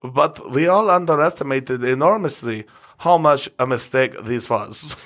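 A man doing a remorseful soldier, mock German accent, slight lisp, mid pitch. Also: unhurried, fairly bright tone, lightly acted. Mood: pleading. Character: remorseful Austrian male soldier in court.

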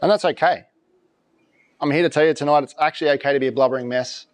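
A pastor preaching a sermon in church, talking conversationally and throwing out rhetorical questions in an animated way. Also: male voice, fairly high pitch, quick pace.

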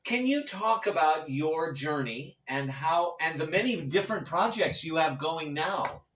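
A man hosting a podcast with a fairly high voice, affirming his guest and prompting him with questions. He sits away from the mic in a roomy space. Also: animated, unhurried, fairly bright tone, far from the mic, slight background noise. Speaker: podcast host. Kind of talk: interviewing a guest.

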